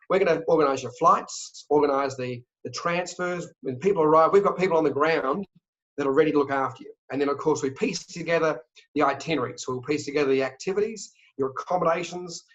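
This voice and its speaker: An Australian man talking fast and joking as a travel company sales director in an interview. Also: fairly high pitch, a bit bright. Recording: dull lo-fi audio.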